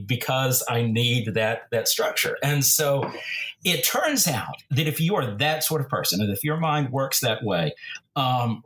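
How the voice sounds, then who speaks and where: A man of middle pitch talks as a podcast guest about his book. He rambles with restarts and fillers, growing animated as he tells his stories. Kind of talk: casual interview talk.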